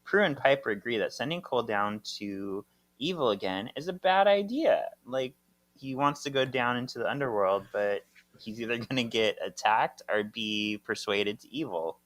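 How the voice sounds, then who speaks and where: A man's voice: on the low side, moderate pace, fairly bright tone. A man co-hosting a casual podcast, reading out chapter summaries with dry asides and laughs. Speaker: podcast co-host.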